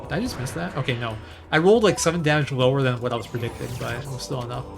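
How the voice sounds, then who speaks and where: A man narrates his own speedrun live, in a relaxed and chatty way, thinking aloud as he plays. His voice sits at a middle pitch. Game music plays clearly underneath. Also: racing. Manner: casual, chatty, thinking aloud while playing.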